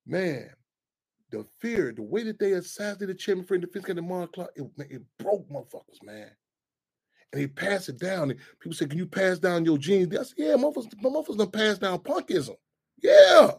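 Heated, high-pitched man hosting a radio show. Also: brisk, gravelly, breathy edge. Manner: animated, heated, swearing freely. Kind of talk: casual talk radio monologue.

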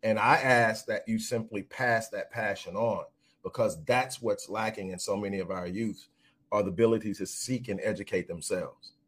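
A man's voice: lowish voice, steady tone, moderate pace, a bit bright, breathy edge. A man speaking earnestly in conversation, giving heartfelt advice and repeating words as he starts sentences.

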